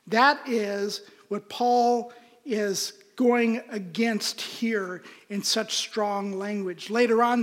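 A man with a high voice preaches a sermon, slow and deliberate, earnest and emphatic as he presses his points. His voice rings out with a long reverb tail in a church sanctuary. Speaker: pastor.

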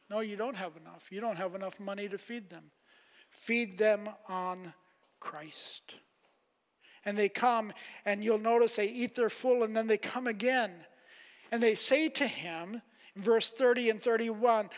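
A man preaching a sermon, emphatic, rising on quoted questions and dropping soft at phrase ends. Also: sits high, normal speed. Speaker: pastor. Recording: long hall reverb.

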